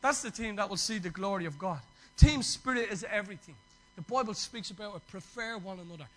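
A man's voice: sits high, fast, bright, forceful tone, faint music behind, low-quality recording. A man preaching a sermon to his church, passionate and exhorting, with chatty asides.

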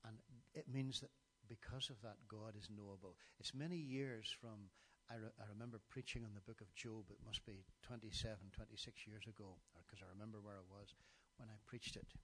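A middle-aged man delivers a sermon in a low, husky voice with a bright, forceful edge. He recites scripture passages with emphasis and sometimes stumbles into restarts mid-thought. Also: steady tone, fairly quick. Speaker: preacher.

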